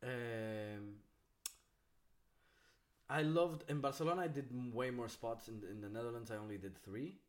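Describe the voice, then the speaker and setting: A man's voice: mid-range voice, normal speed, pauses often. A young man chatting casually on a podcast. He swears freely, laughs often and talks loosely, full of fillers. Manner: loose and profane, laughs often, acts out voices. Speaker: stand-up comedian, podcast guest.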